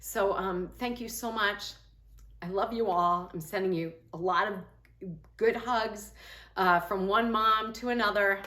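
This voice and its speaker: A woman's voice: medium pitch, steady tone, measured pace, sharp tone, echoey room. A woman, a mom and health coach, talking earnestly to her viewers in a casual, rambling way, with lots of fillers and restarts. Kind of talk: casual talk to camera.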